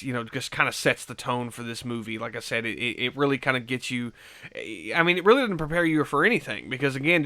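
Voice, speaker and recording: A man's voice: medium pitch, sharp tone, clean tone, no echo. A man giving a casual film review, rambling through the plot with lots of fillers and swearing. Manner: loose rambling retelling full of fillers and swearing.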